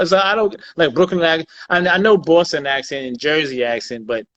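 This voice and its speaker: A man's voice: fairly high pitch, fairly quick, fairly bright tone. A man, an actor and co-host, talking bluntly and emphatically in casual podcast chat, often repeating himself. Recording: dull lo-fi recording.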